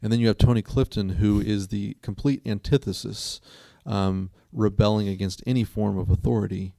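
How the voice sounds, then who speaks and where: A man's voice: fairly low pitch, steady tone, normal speed, creaky, mellow, no echo, clean studio sound. A man co-hosting a casual talk show who tells stories in an earnest, rambling way. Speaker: co-host. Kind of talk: casual chat.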